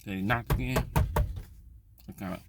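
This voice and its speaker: A man's voice: on the low side, moderate pace, creaky, heavy background noise. A man vlogging in casual storytelling style, loose and profane, rambling with frequent restarts.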